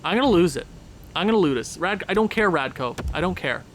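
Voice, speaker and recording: A young man commentating his hockey franchise game, sarcastic and exasperated, with loud frustrated outbursts. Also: sits high, animated, a little fast, slight background noise. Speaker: gaming YouTuber. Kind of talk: franchise mode gameplay commentary.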